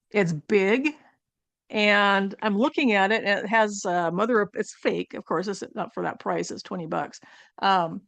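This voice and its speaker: A woman's voice: mid-range voice, no echo. A woman at home chatting through a casual product haul review for her channel, rambling with fillers and asides. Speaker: channel host.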